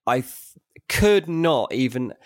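A man's voice: mid-range voice, animated, slow pace, dry recording, studio quality. A young British man co-hosting a podcast, telling self-mocking stories in a chatty, matey way. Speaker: podcast co-host. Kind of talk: casual chat.

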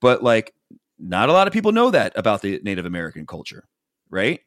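A man's voice: lowish voice, huge pitch swings, brisk, a bit bright, dry recording, clean studio sound. A man casually recapping a reality show for a podcast, rambling with lots of fillers and acting out what people said. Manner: rambling storyteller, heavy "like" fillers, acts out quotes. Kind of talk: casual chat.

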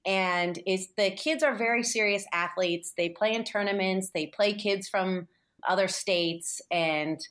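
A woman's voice: medium pitch, a little slow, a bit bright. A woman in her forties from San Francisco, telling a personal parenting story as a podcast guest, rambling with lots of fillers and restarts. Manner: rambling with many fillers and restarts, emotional, tearful at times. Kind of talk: candid conversational storytelling.

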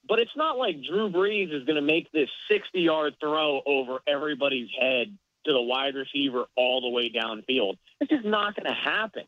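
A man's voice: on the high side, lively intonation, moderate pace, no echo. Analytical man breaking down a game. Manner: analytical, explains plays in detail. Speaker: podcast co-host. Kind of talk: casual sports podcast chat. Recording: dull lo-fi dry sound.

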